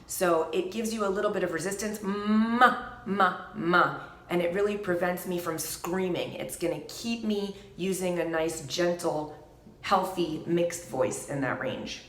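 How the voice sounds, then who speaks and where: Woman vocal coach, low calm voice. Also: moderate pace. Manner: calm, explanatory, demonstrates with sung syllables. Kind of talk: singing lesson demonstration. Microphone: microphone. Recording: echoey room with piano.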